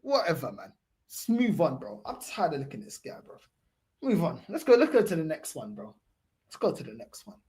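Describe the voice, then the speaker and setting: A woman's voice: deep voice, wildly swooping pitch, fairly quick, darkish tone, slightly rough. A woman hosting a football fan channel, delivering a heated, profane, mocking reaction rant. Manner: profane, mocking, repeats "bro".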